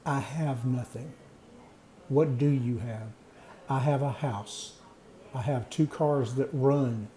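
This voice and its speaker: Middle-aged man, reflective storyteller, dark warm timbre, roomy echo. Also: mid-range voice. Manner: earnest, reflective, plain-spoken with pauses. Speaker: vlogger sharing personal experience. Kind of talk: personal storytelling monologue. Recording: echoey room.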